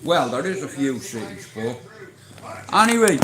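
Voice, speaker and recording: A man's voice: mid-range voice, sing-song, moderate pace, long pauses, roomy sound, noisy background. Irish man, livestream host, boastful, rambling, swears a lot. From Ireland. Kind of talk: casual livestream chat.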